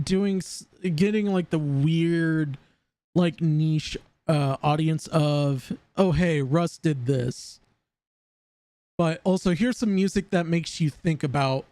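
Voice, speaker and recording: A man's voice: fairly high pitch, mellow, dry recording. A man live-streaming casual commentary, rambling and often stammering over repeated words.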